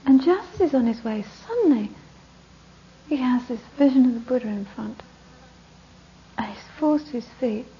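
A woman Buddhist teacher giving a talk, telling a story with lively narration that often drops to a whisper. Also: high-pitched, normal speed, long pauses. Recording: dull lo-fi recording with faint hiss.

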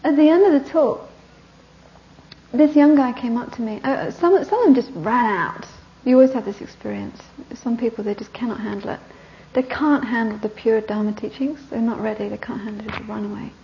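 A woman Buddhist teacher telling a story in a Dharma talk, animated and sometimes dropping to soft whispers for emphasis. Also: fairly high pitch, brisk, vocal fry, dull audio.

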